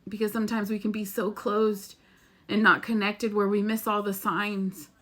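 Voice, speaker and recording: A woman's voice: mid-range voice, flat delivery, moderate pace. A woman talking earnestly and emotionally to her viewers in a casual spiritual vlog, rambling and swearing now and then. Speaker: spiritual vlogger. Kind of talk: heartfelt casual monologue.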